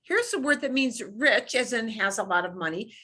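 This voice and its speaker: Bright-voiced woman teaching Spanish. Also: a little high, expressive. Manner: demonstrates sounds by slow repetition, playful. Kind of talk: beginner language lesson.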